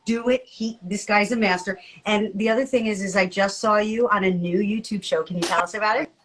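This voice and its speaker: A middle-aged woman co-hosting a podcast in casual chat, animated and jokey, laughing often. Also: mid-range voice, fairly quick, a little hiss or hum, poor audio. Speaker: podcast co-host.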